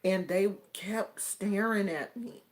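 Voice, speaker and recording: Slow-talking, easygoing American woman. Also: medium pitch. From United States. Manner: slow, drawn-out and colloquial, with many fillers. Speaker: vlogger telling a personal story. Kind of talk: casual storytelling.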